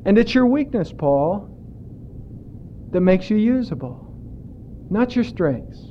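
A man preaching a sermon in a deliberate way, drawing out emphatic words. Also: sits high, very animated, lo-fi sound, slight background noise. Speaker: pastor.

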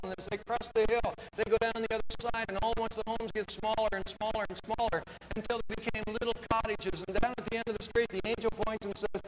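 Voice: medium pitch, little pitch movement, quick pace, over music, poor audio. A pastor preaching a sermon earnestly, repeating phrases for emphasis.

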